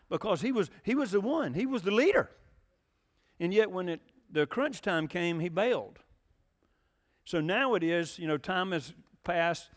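A man's voice: fairly high pitch, long reverb tail. Folksy preacher, man. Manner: folksy storytelling with frequent fillers and questions to the congregation. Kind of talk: sermon.

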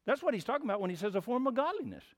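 A man's voice: extremely high pitch, very animated, racing. A man preaching a sermon in a folksy, plainspoken storytelling way. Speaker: pastor.

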